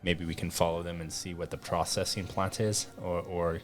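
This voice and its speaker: A man's voice: deep voice, little pitch movement, normal speed, soft background music. A man playing a tabletop game, talking hesitantly with frequent restarts. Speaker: player.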